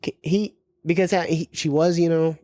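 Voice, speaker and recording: A man's voice: a little high, steady tone, normal speed, warm tone, no room sound. A man co-hosting a podcast, chatting casually and jokingly about a movie with lots of fillers. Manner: rambling, joking, full of fillers. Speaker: podcast co-host.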